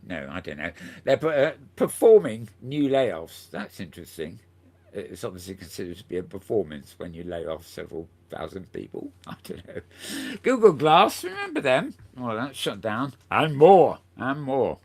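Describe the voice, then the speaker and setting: A man hosting a casual news roundup, rambling along with plenty of self-corrections and frequent chuckles. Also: lowish voice. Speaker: show host.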